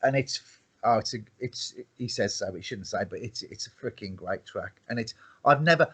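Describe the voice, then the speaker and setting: A man's voice: on the low side, animated, normal speed, a bit bright, breathy edge. A man, a musician in a band, talking casually and keenly about his music in an interview.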